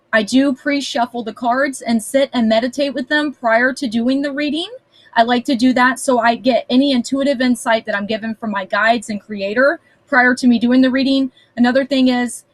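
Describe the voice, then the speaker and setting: A woman's voice: a little high, no echo, rough recording. A woman giving a casual tarot reading to camera at home, chatty and blunt, swearing now and then. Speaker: tarot reader. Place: small house, indoors.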